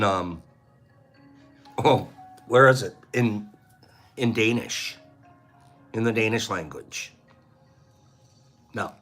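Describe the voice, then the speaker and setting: A man's voice: medium pitch, fairly bright tone. A man hosting a casual livestream, chatting and joking playfully with his viewers and laughing often. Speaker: livestream host.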